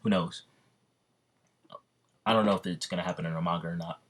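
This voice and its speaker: Deep-voiced man rambling through a story. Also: fairly even intonation, brisk. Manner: rambling, self-correcting. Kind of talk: casual fan story retelling.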